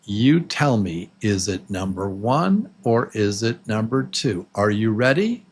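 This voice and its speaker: A man's voice: fairly low pitch, sing-song, husky. A man teaching a beginner English pronunciation lesson, drawing out and exaggerating each example word. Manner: slow, exaggerated, drawn-out example words. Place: Los Angeles.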